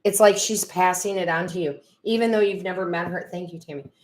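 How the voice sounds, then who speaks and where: A woman's voice: fairly low pitch, steady tone, fairly quick. A middle-aged woman, chatting casually on a live stream as a tarot reader and medium, reading viewers' comments aloud, laughing and getting emotional.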